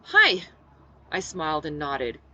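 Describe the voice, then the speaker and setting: A woman's voice: low voice, animated, normal speed, fairly bright tone, low-quality recording. A woman reading her own novel aloud in the first person, voicing the dialogue expressively. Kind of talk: audiobook-style first-person narration.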